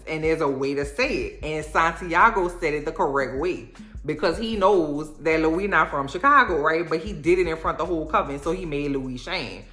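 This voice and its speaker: A woman with a New Orleans accent gives a sassy, animated recap of a TV episode. Her voice sits low. She talks in an echoey room, with faint music behind her. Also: normal speed. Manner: sassy, animated storytelling with playful impressions. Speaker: recap vlogger. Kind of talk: casual chatty TV recap.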